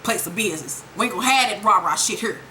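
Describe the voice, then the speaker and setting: A woman's voice: mid-range voice, animated, fast, bright, forceful tone, slight background noise, pitched below the performer's own voice. Woman playing a smug, scheming man. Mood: mocking. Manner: smug, profane, taunting. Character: scheming cocky man taunting a rival.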